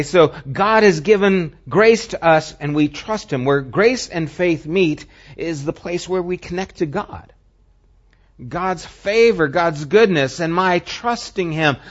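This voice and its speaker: Male pastor, sermon delivery, husky and unhurried, swings from emphatic to hushed. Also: on the high side, lo-fi sound. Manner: shifts between animated emphasis and hushed near-whispers.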